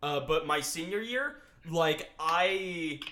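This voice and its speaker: Young man, casual friend chat, lively bright voice, rambles. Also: fairly high pitch, slow, slight background noise. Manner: rambling with restarts. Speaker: stream participant.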